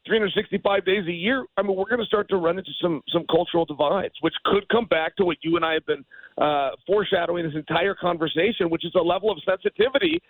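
Male guest, ex-fighter, high voice, rapid animated anecdotes. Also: no echo, low-quality recording. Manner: animated, emphatic storyteller. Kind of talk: podcast interview storytelling.

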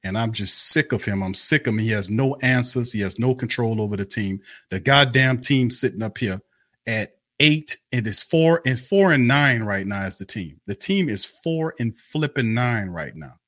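A man's voice: medium pitch, lively intonation, moderate pace, a bit bright, no room sound, studio quality. A man hosting a fan live stream, ranting in a heated, repetitive, cursing and scornful way. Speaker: sports fan show host. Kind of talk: angry live-stream rant.

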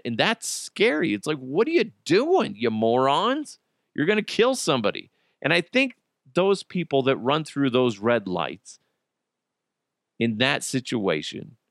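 A man's voice: mid-range voice, a bit bright, smooth, no echo, studio quality. A man hosting a podcast, rambling through a casual comic monologue with lots of swearing and laughing at his own jokes. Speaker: podcast host.

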